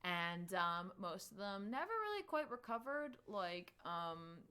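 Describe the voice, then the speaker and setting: A woman co-hosting a comics podcast, casually recapping a book in a chatty, filler-heavy way with lively swings in pitch. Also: unhurried, clear, resonant tone.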